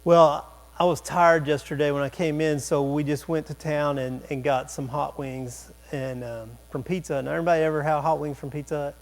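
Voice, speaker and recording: A man preaching a sermon as a pastor, telling a story with lively humor and quick asides. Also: fairly high pitch. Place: church sanctuary.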